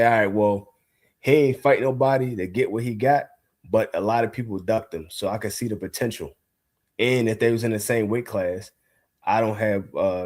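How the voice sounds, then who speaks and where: A man's voice: fairly low pitch, a little mellow. Man, co-host, casual profane boxing talk, straight-ahead delivery. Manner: blunt, profane, opinionated.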